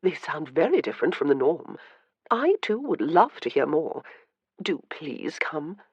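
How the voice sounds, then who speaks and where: A woman's voice: sits low, sing-song, a little slow, breathy edge, dry recording, highs cut off, full character voice. A woman voicing Elizabeth, a wry, perceptive noblewoman who teases dryly in an audiobook. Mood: gracious. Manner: dry and teasing. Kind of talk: audiobook character reading.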